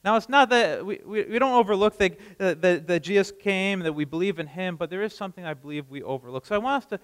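A pastor delivers a sermon conversationally in a high, slightly bright voice, talking fast with frequent restarts and repeated words. The recording is rough, with a long reverb tail.

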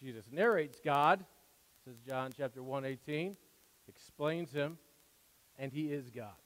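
A man preaching a sermon as pastor, earnest, with emphatic rises and quieter asides. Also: a little high, measured pace. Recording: long hall reverb.

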